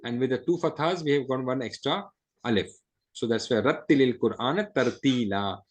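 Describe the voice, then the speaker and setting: A man teaches an Arabic grammar class at a brisk pace. His voice sits in an ordinary middle pitch. He rattles off Arabic phrases quickly, then explains them more slowly in English, often checking in with "right?". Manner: quick Arabic recitation between slower English. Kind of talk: classroom lesson.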